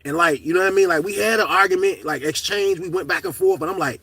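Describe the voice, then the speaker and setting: Middle-aged man, loose profane storytelling vlog, husky bright voice, slightly distant mic. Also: high voice, fast, few pauses, no echo. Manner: animated, profane, shouts at peaks of the story. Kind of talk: casual storytelling to camera.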